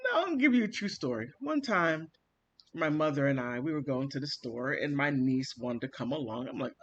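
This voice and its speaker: A man vlogging, telling a family story in an animated, theatrical way and acting out the quotes. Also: fairly high pitch, normal speed. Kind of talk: casual storytelling monologue.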